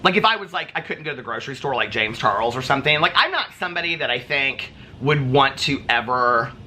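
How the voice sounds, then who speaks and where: A man vlogging from a hotel room, telling stories in a chatty, animated way with lots of fillers. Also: mid-range voice, quick pace, a little hiss or hum. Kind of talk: casual chat to camera.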